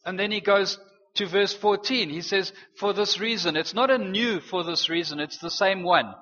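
A man preaching a sermon, earnest and animated, slipping in playful teasing asides. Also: high voice, normal speed. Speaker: pastor. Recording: dull, reverberant hall sound.

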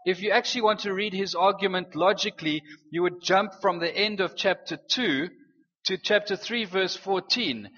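A man preaching a sermon, earnest and animated, slipping in playful teasing asides. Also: high voice, moderate pace. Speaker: pastor. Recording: dull, reverberant hall sound.

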